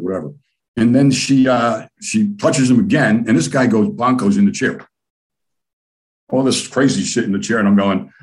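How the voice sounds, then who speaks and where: Older man, low voice, rambling, swears a lot, casual storytelling interview. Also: a little fast. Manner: profane, rambling, animated storyteller. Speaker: guest.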